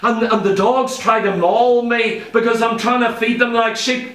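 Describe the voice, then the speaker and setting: A male preacher with a very high, piercing, bright voice delivers an emphatic sermon full of rhetorical questions. He picks up from a distance, and the church hall around him rings with echo. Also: steady tone, moderate pace. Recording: echoey church hall, voice from far off.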